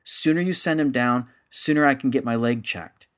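A man voicing an older man named Charlie, pleading and shouting desperately during a rescue. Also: medium pitch, normal speed, clear, resonant tone, pitched above the performer's own voice, lightly acted. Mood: urgent, coaxing.

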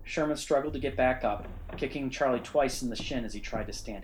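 A man narrating a ghost story in a measured, suspenseful way. His voice sits at an ordinary middle pitch. A faint hiss runs under the recording. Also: low-quality recording. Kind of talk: scripted narration.

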